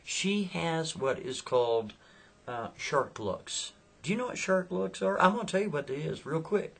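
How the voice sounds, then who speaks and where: A man's voice: on the high side, expressive, normal speed, vocal fry, a bit bright, slightly rough. A man telling a story in a folksy, chatty way, often turning aside to the listener. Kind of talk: casual spoken storytelling.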